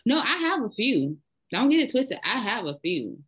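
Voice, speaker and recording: A woman's voice: fairly high pitch, very animated, moderate pace, slightly rough, lo-fi sound. A woman with a Southern US accent, co-hosting a casual chat and telling bold, blunt stories. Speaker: podcast co-host.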